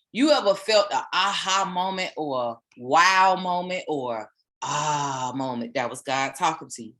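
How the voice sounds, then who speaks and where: A woman with a fairly low pitch gives a casual, animated, sermon-style motivational talk as a spiritual teacher, repeating phrases as she goes.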